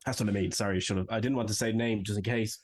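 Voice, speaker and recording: A man's voice: lowish voice, steady tone, rapid-fire. A man co-hosting a podcast in casual chat, with a dry, wry sense of humour. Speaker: podcast co-host.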